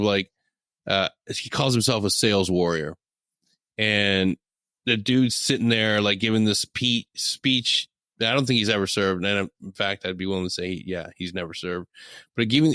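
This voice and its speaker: A man's voice: fairly low pitch, a bit bright, dry recording. A man hosting a podcast who tells blunt, profane stories in casual talk. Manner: blunt, heavy swearing, storytelling. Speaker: podcast host.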